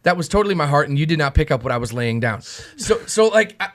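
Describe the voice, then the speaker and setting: Man, fairly high voice, animated, jokey, restarts sentences, podcast chat. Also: fast. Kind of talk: casual podcast discussion.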